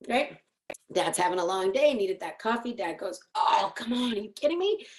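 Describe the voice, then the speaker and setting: A middle-aged woman psychologist giving an educational talk, telling lively stories and acting out what people say. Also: mid-range voice. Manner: animated storytelling, acting out quotes. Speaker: clinical psychologist presenting.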